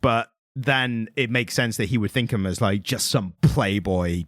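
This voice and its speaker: A man's voice: lowish voice, unhurried, a bit bright, no echo, studio quality. A man co-hosting a podcast in casual chat, telling rambling stories full of fillers and tangents. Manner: rambling, tangent-prone storytelling with frequent fillers. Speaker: podcast co-host.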